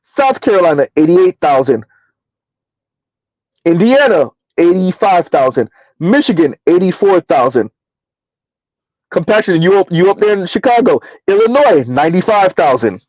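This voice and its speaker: Dude on a stream, kinda high voice, dull dry sound, just chatting and reading stuff off to y'all. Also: male voice, big pitch swings, moderate pace, a little mellow, dry recording. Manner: reads figures aloud and answers chat; casual, chatty, addresses listeners as y'all. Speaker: livestream host. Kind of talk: casual livestream commentary.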